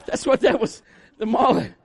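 A middle-aged man, a pastor, preaching a sermon with animated storytelling, acting out the voices of the people he quotes. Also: very high voice, vocal fry, husky.

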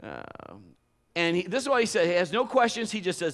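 A man's voice: high voice, fairly quick. A male pastor preaching a sermon and telling stories with humor and energy. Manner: animated, humorous storytelling.

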